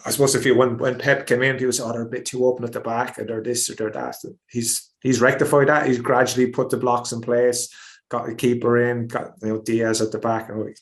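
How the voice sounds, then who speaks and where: An Irish man and former footballer giving animated, repetitive football analysis on a podcast, acting out quotes as he goes. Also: medium pitch. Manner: animated, repeats himself, acts out quotes. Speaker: former player, pundit.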